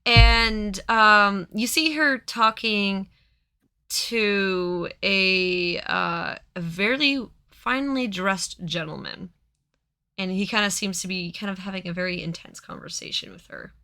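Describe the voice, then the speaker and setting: A woman runs a tabletop game as game master, narrating in a relaxed, halting way with many fillers. Her voice is bright and slow, and the sound is dry. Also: medium pitch, clean tone, no room sound.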